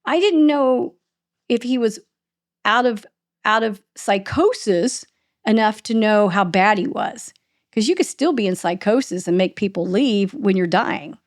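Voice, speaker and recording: A middle-aged woman, a podcast host being interviewed, recounting a painful family loss in a halting, emotional way. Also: medium pitch, expressive. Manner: halting, restarts and voice breaking with emotion. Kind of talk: emotional personal storytelling in an interview.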